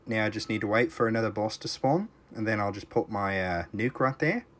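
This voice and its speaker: A young man with a fairly low voice live-streams a tower defense game. He thinks aloud, answers his chat and breaks into sudden exclamations when the run gets tense. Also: fairly quick, a bit bright. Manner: reactive, talks to chat while playing, frequent exclamations. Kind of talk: casual live-stream commentary.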